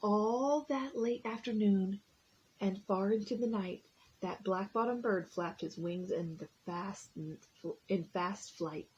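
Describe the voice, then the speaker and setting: A woman's voice: mid-range voice, slow, muffled recording, a little hiss or hum. A woman reading a picture book aloud to preschool children and asking them questions along the way. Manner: animated, asks the children questions. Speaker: preschool story time reader.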